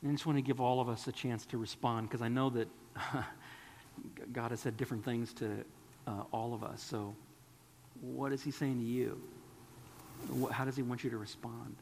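A man's voice: medium pitch, fairly even intonation, normal speed, darkish tone, in a large hall, slight background noise. A man preaching a sermon, earnest and pleading, sometimes dropping to a whisper.

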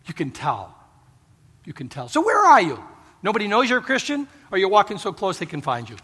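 A man's voice: high voice, huge pitch swings, brisk, pushed and bright, breathy edge. A middle-aged man preaching a sermon, telling stories and pleading earnestly with the congregation. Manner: storytelling, earnest pleading with laughs. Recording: long reverb of a hall.

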